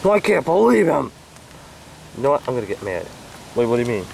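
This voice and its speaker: A man acting out a homemade hand-puppet skit, squabbling and whining with bursts of shouting. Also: mid-range voice, very animated, quick pace, creaky, slight background noise.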